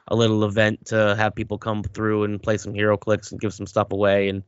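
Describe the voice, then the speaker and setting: A man's voice: lowish voice, monotone, a little fast, clean tone, no room sound, lo-fi sound. A man co-hosting a podcast, chatting loosely with profane, teasing banter. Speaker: podcast co-host. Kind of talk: casual chat.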